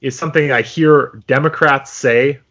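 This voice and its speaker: A man's voice: medium pitch, steady tone, normal speed, a bit bright. A man co-hosting a podcast in casual chat, rambling and leaning heavily on filler words. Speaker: podcast co-host. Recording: slightly dull lo-fi audio.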